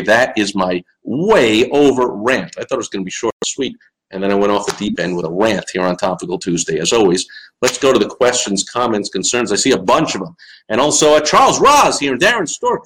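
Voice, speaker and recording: A middle-aged man with a Long Island New York accent hosts a live-stream show, ranting sarcastically and responding to viewer comments. He's animated, breaking into loud mocking asides. His voice is on the low side, and the audio is poor.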